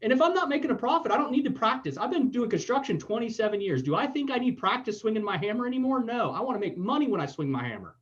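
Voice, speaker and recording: A man's voice: high voice, big pitch swings, fast talker, few pauses. A man in his forties from Florida, hosting a podcast and talking bluntly and emphatically, swearing freely. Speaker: podcast host. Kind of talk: casual political chat. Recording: dull lo-fi sound.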